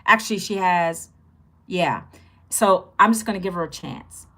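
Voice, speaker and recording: In her fifties, this woman hosts a casual livestream teaching online income, her voice on the low side, unhurried, bright and forceful. She's chatty and upbeat, greeting viewers and repeating phrases as she teaches.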